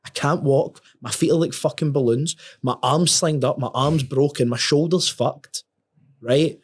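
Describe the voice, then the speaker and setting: A man's voice: on the high side, a little slow, slightly rough. Sweary man telling a story. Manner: sweary, animated, repeats and restarts words. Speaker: podcast guest. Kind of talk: casual storytelling.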